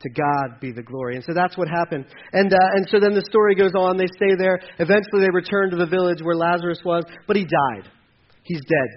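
High-voiced man preaching with passion. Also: fairly quick, dull audio. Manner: impassioned, acts out voices from the scripture. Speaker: pastor. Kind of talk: sermon.

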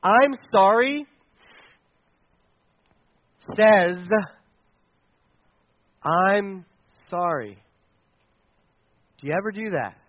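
A man preaching a sermon, animated and asking the audience questions. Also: high-pitched, normal speed, hardly any pauses, no room sound, dull audio. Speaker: pastor.

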